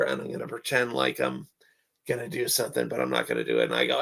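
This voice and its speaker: A man's voice: medium pitch, animated, fast, vocal fry, a bit bright. A man explaining his stand-up comedy act in a rambling, casual way, with many fillers and restarts.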